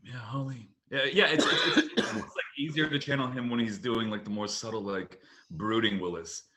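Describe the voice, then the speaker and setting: A man's voice: mid-range voice, steady tone, moderate pace, heavy background noise. A man chatting casually on a video call, laughing and trading celebrity impressions. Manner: laughing, playful, breaks into loud impressions.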